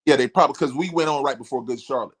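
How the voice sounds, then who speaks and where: A man guest on a podcast, telling road stories in a casual, animated way and acting out quotes in a raised voice. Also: medium pitch, racing. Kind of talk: casual storytelling.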